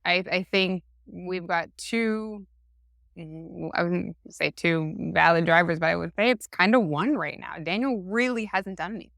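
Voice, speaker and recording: A woman co-hosting a podcast in a relaxed, casual chat, with a clean and smooth voice. She talks at an unhurried pace and leans on fillers as she works through each point. The sound is dry and close. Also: on the low side, dry recording. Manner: chatty, drawn-out, many fillers. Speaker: podcast co-host.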